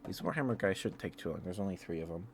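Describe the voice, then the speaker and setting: A man streaming ASMR, chatting casually and excitedly with viewers in a rambling, friendly way. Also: low voice, slight background noise. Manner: excitable, rambling, with fillers and quick laughs. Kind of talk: casual live-stream chat.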